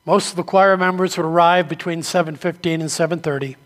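A man with a high, light voice preaching in a church. He tells his stories with feeling and takes on the voices of the people in them. His words ring out with a long echo through the hall. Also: steady tone, fairly quick. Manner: storytelling preacher, acts out quoted voices. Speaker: pastor. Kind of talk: sermon.

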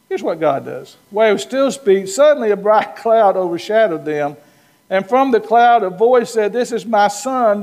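A man preaching a sermon, playful and animated, acting out the lines of Bible figures. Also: high voice. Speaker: pastor. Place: church. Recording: long reverb of a church hall.

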